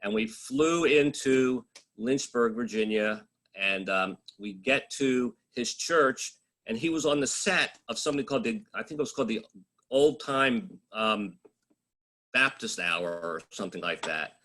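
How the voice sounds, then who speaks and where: A man's voice: medium pitch, lively intonation, measured pace, sharp tone. A man, a journalist, telling funny stories from his reporting career in a casual, wry way, full of fillers and restarts. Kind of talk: casual storytelling talk.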